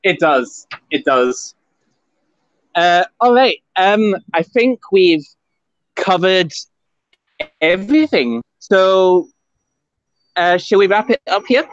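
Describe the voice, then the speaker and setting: A man's voice: high voice, animated, slow pace, pauses often, no echo. Scottish man, guest on a chat stream, lots of ums and restarts, dry muffled phone audio. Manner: hesitant, many fillers and restarts. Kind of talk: casual online chat.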